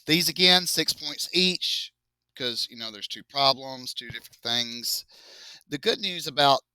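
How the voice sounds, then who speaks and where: A man's voice: medium pitch, unhurried, bright, forceful tone, clean tone, no echo, clean studio sound. A man teaching a math class, joking with his students as he works through test problems. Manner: casual, joking, talks to students as y'all.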